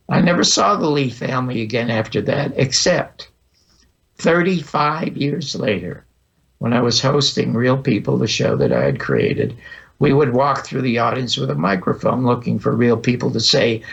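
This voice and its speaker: In dull lo-fi audio, a man in his eighties appears as a podcast guest, telling vivid personal anecdotes and acting out the dialogue in a storytelling interview. His medium-pitched voice is animated, fairly bright and slightly rough, with vocal fry, at a moderate pace.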